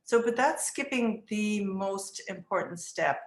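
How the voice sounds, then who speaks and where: A middle-aged woman in an interview, reflecting on teaching children in a thoughtful way, often restarting her sentences and acting out gentle phrases she would say to a child. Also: mid-range voice, measured pace. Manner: acts out gentle words to children. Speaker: early childhood education director. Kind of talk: interview answers. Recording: roomy echo.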